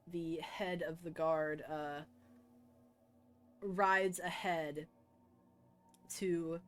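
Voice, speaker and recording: A woman narrating a tabletop game as game master, in calm, measured storytelling. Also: fairly low pitch.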